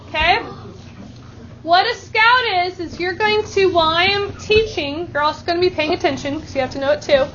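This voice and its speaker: A woman's voice: very high-pitched, pushed and bright, dull audio, a little hiss or hum. A woman math teacher giving classroom instruction, upbeat and leading call-and-response chants with her students.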